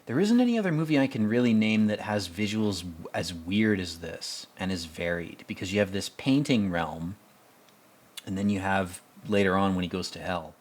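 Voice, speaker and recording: A man with a fairly low voice talking through a film in loose, off-the-cuff commentary. He rambles, restarts his sentences, and swears bluntly as he goes. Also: moderate pace. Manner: rambling, blunt and profane, with many fillers. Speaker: podcast host. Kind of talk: casual movie commentary.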